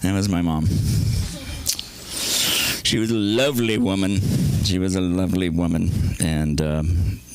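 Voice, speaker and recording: A man's voice: sits low, steady tone, unhurried, a little mellow, a little hiss or hum. A man doing rambling, crude stand-up at an open mic, acting out bits of his stories. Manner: rambling, crude, act-outs with big voices. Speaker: stand-up comedian.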